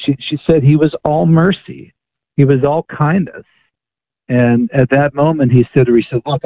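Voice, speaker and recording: A man's voice: mid-range voice, dry recording. Guy on a phone line telling a story, keeps restarting, dry tinny sound. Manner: animated storyteller with frequent restarts. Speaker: author and guest. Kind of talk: phone-in radio interview storytelling.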